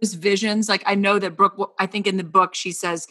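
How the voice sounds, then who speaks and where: A woman's voice: medium pitch, fairly even intonation, a little fast, sharp tone. A woman hosting an interview, chatty and empathetic, who often says "like". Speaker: podcast host. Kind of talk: conversational interview.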